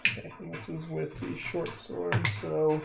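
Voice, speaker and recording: A fairly high, gravelly male voice adds up his rolls as a player. He sounds like he is in an echoey room. Loud music runs underneath him. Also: monotone, measured pace. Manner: works through dice math aloud. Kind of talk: playing a tabletop game.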